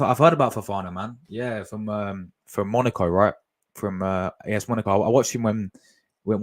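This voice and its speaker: A young man, chatting casually and excitedly on a fan live stream, full of slang and repeated words. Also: lowish voice, no room sound.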